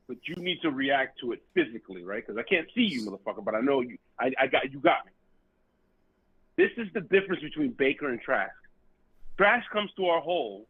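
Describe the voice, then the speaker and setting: A man co-hosting a podcast in loud, crude banter, telling stories with lots of swearing and laughter. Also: fairly high pitch, slightly rough, dry recording. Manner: loud, profane, laughing, animated storytelling. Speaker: podcast co-host. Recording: dry tinny phone-like audio.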